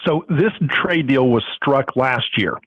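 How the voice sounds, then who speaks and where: A man's voice: medium pitch, expressive, slow, husky, no room sound, lo-fi sound. A male economist explaining a trade deal in an interview, with a few restarts. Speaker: economist guest.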